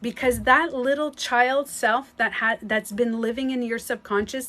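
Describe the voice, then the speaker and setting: A woman's voice: on the high side, a bit bright. Blunt, emphatic woman coaching viewers. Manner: emphatic, blunt, swears casually, repeats herself. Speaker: spiritual and energy coach. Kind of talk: casual motivational talk to viewers.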